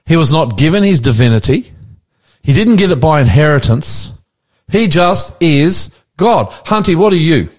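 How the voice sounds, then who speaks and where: A man's voice: a little high, big pitch swings, moderate pace. An Australian pastor leading a conversational Bible study, animatedly quizzing his co-host with questions.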